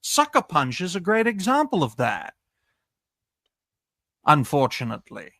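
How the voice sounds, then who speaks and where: A man's voice: fairly high pitch, wildly swooping pitch, a little slow, fairly bright tone, dry recording. A man on a podcast panel, arguing his point in an emphatic, lecturing way with lots of repetition. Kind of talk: casual online debate chat.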